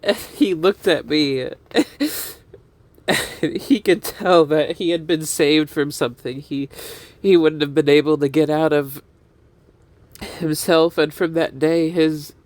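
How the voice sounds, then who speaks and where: A man telling a personal story, laughing often and halting to repeat himself. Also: a little high, steady tone, a little mellow, dry recording. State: breathless and dizzy.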